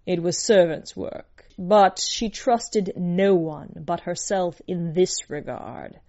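Slow, mellow-voiced woman reading a story. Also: lowish voice, highs cut off. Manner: measured, unhurried storytelling. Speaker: narrator.

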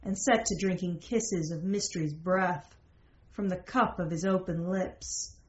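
A woman reading a fantasy romance aloud as a narrator, in a slow, measured way. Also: on the low side. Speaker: story narrator. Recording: roomy, slightly dull recording.

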